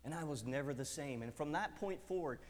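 Man preacher with a high voice, sermon and testimony, reverberant church hall. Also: fairly quick. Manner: animated storytelling, acting out voices.

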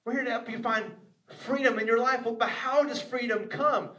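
High-voiced preaching man, echoey hall. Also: fairly even intonation, moderate pace, pushed and bright. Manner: earnest, repetitive preaching with acted inner voices. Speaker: pastor. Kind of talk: sermon. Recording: echoey room, voice from a distance.

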